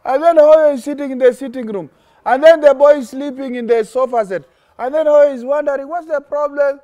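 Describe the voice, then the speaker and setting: Fairly quick and very high-voiced, this young man teaches children about religion while hosting a lively, interactive lesson. He dramatizes short stories and asks questions that invite the kids to complete his sentences.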